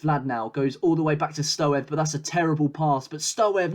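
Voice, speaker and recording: A man commentating his own football management game, excitable and swearing in frustration. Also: a little high, moderate pace, hardly any pauses. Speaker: gaming YouTuber. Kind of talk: let's play commentary.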